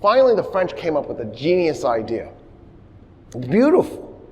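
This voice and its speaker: Animated male history lecturer, high voice. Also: moderate pace. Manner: animated storytelling, acting out quotes. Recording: long reverb of a lecture hall.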